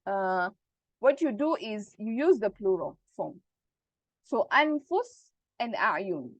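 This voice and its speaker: A woman teaching Arabic grammar in an online class, explaining slowly and checking that students follow. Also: medium pitch, sing-song, no room sound, muffled recording. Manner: patient, repeats points and checks understanding.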